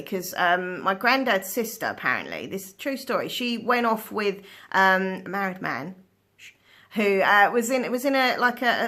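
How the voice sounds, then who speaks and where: A woman tells stories into her phone in a casual vlog. Her voice is bright and forward. She talks in an animated way, laughs a lot and drops in the odd swear word. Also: medium pitch. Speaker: vlogger. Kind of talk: casual storytelling chat.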